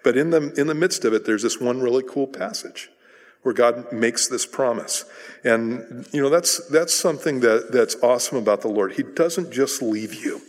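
A middle-aged man preaching a sermon as pastor, telling stories in a relaxed, conversational way with frequent restarts. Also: medium pitch, normal speed. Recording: long hall reverb.

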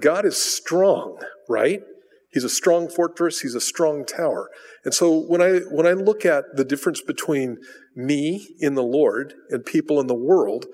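A man preaching a sermon as a pastor, emphatic, asking rhetorical questions and answering them himself. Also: medium pitch. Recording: long reverb of a large hall.

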